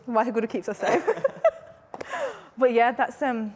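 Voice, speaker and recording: A chatty woman host who laughs easily, her voice sitting a touch high. The room adds a long, ringing reverb. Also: steady tone, measured pace, darkish tone, slight background noise. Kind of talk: casual chat.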